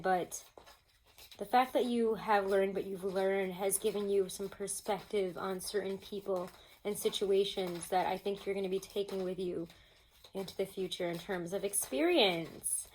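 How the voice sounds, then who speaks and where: A woman giving a casual tarot reading at home, chatty and expressive, laughing often and throwing in mock-exasperated asides. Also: mid-range voice, a little hiss or hum. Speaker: tarot reader.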